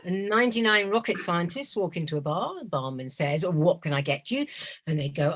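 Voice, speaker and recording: Woman, husky and animated, improv jokes with big swoops. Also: normal speed. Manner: animated, swoops high for quoted voices. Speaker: improv player. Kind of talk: telling quick jokes.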